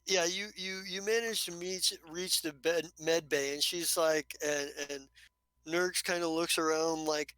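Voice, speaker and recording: A man runs a tabletop game, his narration halting and full of restarts. His voice sits a little high and bright, and the sound is dry and close. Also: steady tone, smooth, dry recording, low-quality recording. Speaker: game master.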